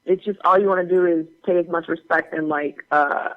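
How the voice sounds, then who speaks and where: A woman guest tells stories from her work in an animated, chatty way, full of fillers and restarts. The recording sounds dull and lo-fi, with the top end rolled off. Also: on the low side, brisk. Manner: animated, chatty anecdote-telling with many fillers. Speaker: guest actor. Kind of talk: casual interview storytelling.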